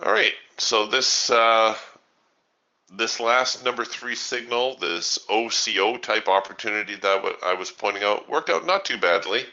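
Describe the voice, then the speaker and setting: A man's voice: fairly low pitch, unhurried, pushed and bright, highs cut off. A man hosting a live trading webinar, chatting casually and with strong opinions as he answers viewer questions, laughing easily.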